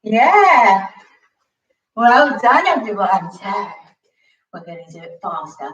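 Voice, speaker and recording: A woman's voice: medium pitch, sing-song, slow pace, a bit bright, roomy sound, far from the mic, muffled recording. A woman coaching a children's home workout, cheerful and encouraging and a bit out of breath from exercising. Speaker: kids' gymnastics coach.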